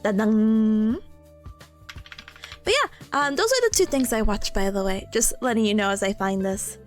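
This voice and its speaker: A woman live-streaming in casual chat, giggly and bubbly, warmly greeting her chat. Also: mid-range voice, big pitch swings, fairly quick, faint music behind.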